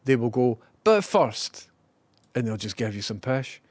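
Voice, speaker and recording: A man's voice: medium pitch, steady tone, brisk, a little mellow, dry recording. A man hosting a live stream, chatting wryly and reading viewer messages. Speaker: livestream host. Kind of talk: casual live commentary.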